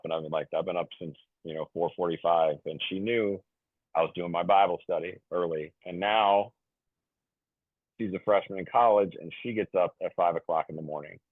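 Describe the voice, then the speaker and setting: A deep-voiced man in his fifties rambles through a casual story as a podcast guest, stumbling over restarts and fillers with a jokey edge. The sound is thin and phone-like, with no room echo at all. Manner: jokey, self-described goofy. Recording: tinny phone-like dry sound.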